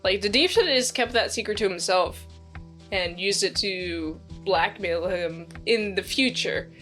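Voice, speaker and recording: Over soft background music, a young woman with a medium-pitched, fairly bright voice reviews a TV episode a little slowly. Her enthusiastic recap rambles, full of fillers and restarts, and she talks back to the characters.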